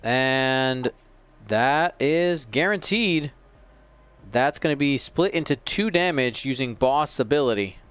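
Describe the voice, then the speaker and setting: Smooth-voiced male game commentator. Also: medium pitch, lively intonation, takes it slowly, a bit bright. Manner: play-by-play, explaining rules, wry.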